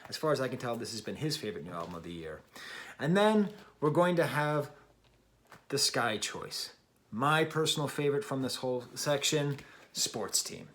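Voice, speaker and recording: A man's voice: medium pitch, sing-song, moderate pace, a bit bright. A middle-aged man hosting his own music review show, talking casually and unscripted, chatty and self-deprecating with frequent ums and restarts. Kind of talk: casual unscripted video talk.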